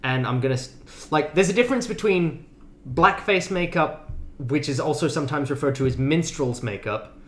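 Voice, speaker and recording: A man's voice: fairly high pitch, expressive, moderate pace, fairly bright tone. A man co-hosting a casual podcast chat, explaining word meanings in a pedantic way. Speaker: podcast co-host. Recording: roomy echo.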